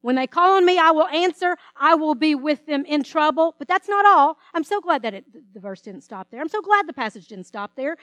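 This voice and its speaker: Female pastor, middle-aged, high voice, emphatic sermon delivery, dry recording. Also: expressive, brisk, few pauses, a bit bright, dry recording. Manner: preaching with dramatic quoted voices and emphatic scripture reading.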